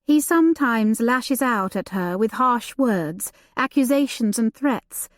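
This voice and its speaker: A woman voicing a timid young governess who speaks hesitantly and quietly. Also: fairly high pitch, expressive, slow pace, no echo, clean studio sound.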